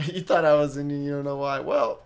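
A man's voice: on the high side, steady tone, fairly quick. A young Mexican-Canadian man casually rambling through live gameplay commentary and chatting with his viewers by name. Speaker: game streamer.

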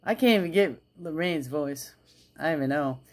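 Female vlogger with a low voice and a loose, giggly, rambling chat style. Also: expressive, normal speed. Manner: chatty, giggly, rambling, repeats herself. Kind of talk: casual rambling vlog chat.

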